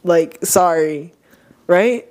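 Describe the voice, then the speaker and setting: A man's voice: high-pitched, very slow. A man co-hosting a casual podcast chat, telling stories with frequent laughs and free swearing. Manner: laughs often, swears freely, animated storytelling. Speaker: podcast co-host.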